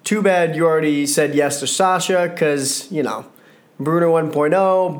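A man gives casual solo commentary on a wrestling show, rambling, joking and correcting himself as he goes. His voice is on the high side and a little slow.

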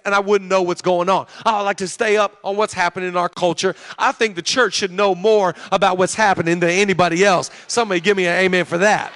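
A man in his thirties preaching a sermon, chatting with the crowd and building to loud preaching in a church. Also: high voice. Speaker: pastor. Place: large church hall. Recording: long hall reverb.

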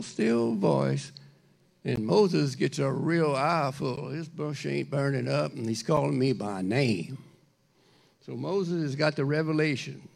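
A man preaching a sermon in a conversational, animated way, speaking directly to the congregation. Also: a little high, creaky. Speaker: pastor.

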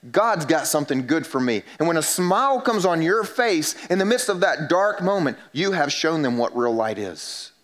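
A man preaches a church sermon in a somewhat higher voice. He pushes up in pitch to drive points home, then sinks low and soft to voice what people say. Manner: emphatic preaching, drops low and quiet for quoted voices. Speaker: pastor.

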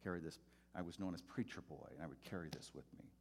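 A middle-aged man, a preacher, telling his own story to an audience, swinging from hushed to loud. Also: sits low, quick pace, slight background noise.

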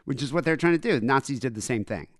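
A man's voice: mid-range voice, expressive, fast talker, no echo. Chatty male podcast co-host, dry sound. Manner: chatty, many fillers and restarts, laughs easily. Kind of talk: casual podcast chat.

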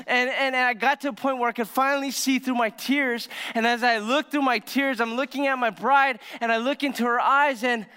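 A man preaching a sermon as pastor, telling a story with animated delivery that moves between hushed and excited. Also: extremely high pitch, fairly quick, hardly any pauses, smooth. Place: church sanctuary. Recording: long hall reverb of a church sanctuary.

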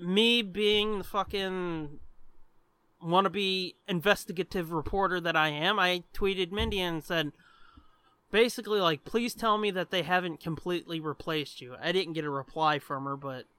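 A high, bright, smooth male voice, talking in loose, animated podcast banter and swearing freely. He rambles through his points. The sound is dry and close. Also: normal speed, no echo. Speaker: podcast co-host. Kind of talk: casual chat.

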